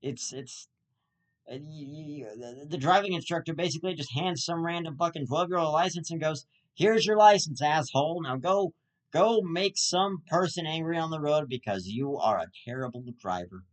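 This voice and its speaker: A man's voice: fairly high pitch, expressive, moderate pace, rough recording. A man delivering a comic rant, angry and profane, often stammering and restarting his sentences. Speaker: comedic ranter.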